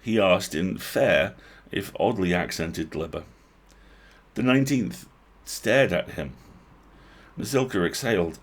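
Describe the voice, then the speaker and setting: Low, husky man reading a story. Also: slow, pauses often. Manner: expressive reading with asides. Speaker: host reading a book aloud.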